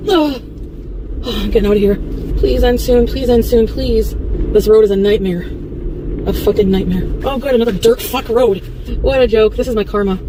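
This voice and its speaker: A woman's voice: a little high, moderate pace. A woman vlogging from inside a car at night, swearing a lot and nervously talking to her viewers. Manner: swearing, jittery, talks to viewers. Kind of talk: vlog filmed while driving. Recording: noisy car interior clip.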